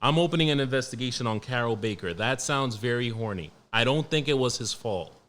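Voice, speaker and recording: A young man hosting a solo podcast, talking in a blunt, profane, joking way and reading news out loud. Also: mid-range voice, expressive, a little fast. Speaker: podcast host. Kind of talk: casual solo podcast monologue.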